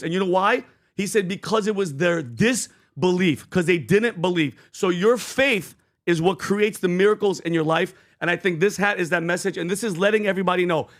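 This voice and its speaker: A man co-hosting a podcast, telling a faith story with animated, preachy conviction. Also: high-pitched. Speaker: podcast co-host. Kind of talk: casual podcast chat.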